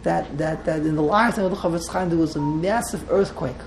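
A man's voice: a little high, a little fast, gravelly, a little hiss or hum, poor audio. A man teaching a text class to a small group, wandering off into side stories and restarting his sentences often. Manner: digressive, restarts often, mixes Hebrew terms.

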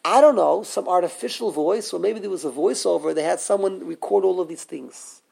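A man teaching a live Torah class, animated and full of questions to the students, often restarting his sentences. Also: high-pitched, fairly quick, vocal fry, slightly rough.

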